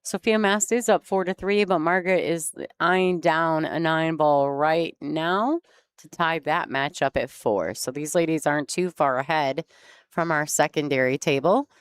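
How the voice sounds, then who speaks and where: A woman's voice: deep voice, measured pace, clean tone. A woman commentating a pool match in a chatty way, laughing easily and explaining the play. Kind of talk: sports commentary.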